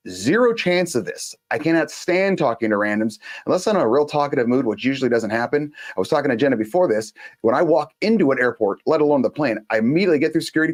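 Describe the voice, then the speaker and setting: Fast-talking blunt male show host. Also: mid-range voice. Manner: blunt, storytelling, acts out quotes. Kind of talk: casual monologue.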